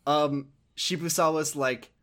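Bright-voiced excitable man recapping a game. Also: a little high, measured pace. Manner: excitable, laughing, swearing. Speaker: podcast co-host. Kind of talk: casual game recap chat.

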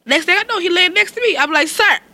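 A woman in her thirties tells stories in relaxed conversation, jumping her pitch way up to act out what people said. Her voice is bright and forward, and it rises and falls a great deal. She swears freely and laughs through her lines. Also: fast. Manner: animated storyteller, acts out quotes with big pitch jumps, swears freely. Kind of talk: casual chat.

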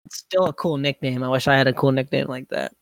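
A man's voice: medium pitch, fairly even intonation, fast, vocal fry, no room sound. Hesitant man talking fantasy basketball, dry sound. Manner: hesitant, many likes and you-knows. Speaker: podcast co-host. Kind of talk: casual fantasy basketball chat.

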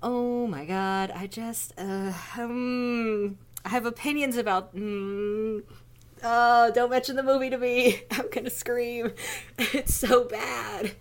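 A young woman in casual podcast chat, animated, laughing often and groaning in mock despair. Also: on the high side, takes it slowly. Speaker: podcast co-host.

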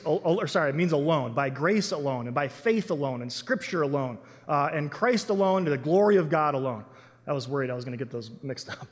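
A man preaching with eager, conversational energy, often tripping over and restarting his sentences. His voice sits fairly high for a man. It rings out with a long reverb through a church sanctuary. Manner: enthusiastic, chatty, restarts often. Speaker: pastor. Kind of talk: sermon.

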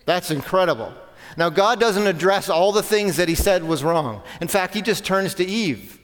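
A man's voice: high-pitched, expressive, moderate pace, fairly bright tone. A man preaching a sermon, conversational, with self-corrections and rhetorical questions. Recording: long hall reverb.

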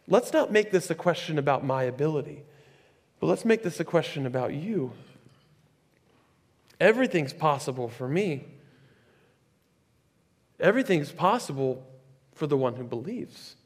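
Animated high-voiced male pastor preaching. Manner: conversational, animated preaching with asides. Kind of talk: sermon. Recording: echoey hall with long reverb.

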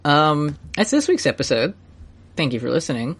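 A man's voice: fairly high pitch, big pitch swings, slightly rough. A man co-hosting a podcast, chatting casually and reading listener questions aloud. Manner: fast, joking, reads listener questions aloud. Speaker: podcast co-host. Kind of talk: casual chat.

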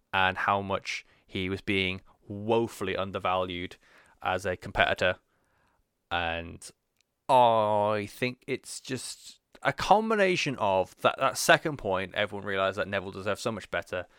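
A man's voice: lowish voice, a bit bright, clean tone, no room sound, clean studio sound. A man hosting a casual recap podcast, chatty and rambling, with frequent fillers. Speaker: podcast host.

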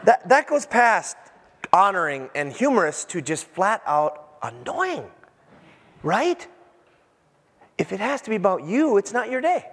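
A male pastor preaching a sermon in an animated, joking way, acting out little scenes for the congregation. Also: high-pitched, measured pace, pauses often, long reverb tail. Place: church sanctuary.

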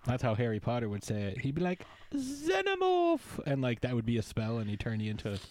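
A man's voice: on the low side, steady tone, quick pace, a little mellow. A man hosting a podcast in casual chat, joking and going off on playful tangents. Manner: playful, riffing, jokey tangents. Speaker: podcast host.

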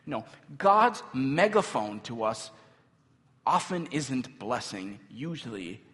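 A man preaching in a large hall where his voice rings out with a long reverb. His pitch swings widely as he tells a story, then he turns to the congregation with asides. He sounds like a pastor in his thirties. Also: slow. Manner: animated storytelling with asides to the audience. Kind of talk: sermon. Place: church hall.

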